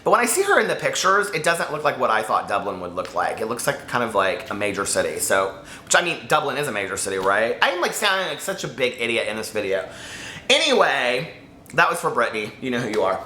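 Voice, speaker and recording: Excitable rambling man, bright and echoey. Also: mid-range voice, quick pace, slight background noise. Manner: rambling, excitable, self-interrupting. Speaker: book reviewer. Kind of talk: casual chat to camera. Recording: echoey room.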